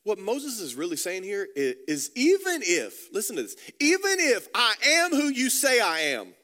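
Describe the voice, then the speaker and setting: Pastor, male, high bright voice, fervent sermon delivery, stammers into repeated phrases for emphasis. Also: huge pitch swings, normal speed, big-room sound. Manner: passionate, repeats words while building a point.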